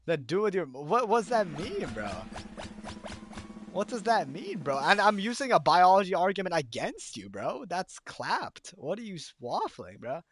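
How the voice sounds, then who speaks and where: A young man live-streaming games, bantering in slang and yelling at the gameplay. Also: sits high, sing-song, measured pace, slight background noise. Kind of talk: live gaming stream chat.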